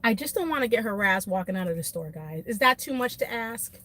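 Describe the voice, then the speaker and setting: A woman beauty vlogger ranting animatedly to her live viewers from her car, emphatic and quick to laugh. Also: medium pitch. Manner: animated, emphatic, laughs often, talks to chat by name. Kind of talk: casual venting rant to live viewers.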